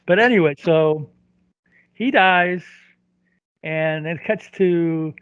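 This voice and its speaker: A man's voice: fairly high pitch, takes it slowly, clear, resonant tone, dry recording, narrow, tinny audio. A man co-hosting a casual movie review podcast, rambling and jokey with frequent chuckles. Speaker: podcast co-host.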